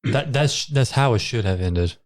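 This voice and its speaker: Man, podcast co-host, casual chat, deadpan jokes, ordinary pitch. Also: normal speed.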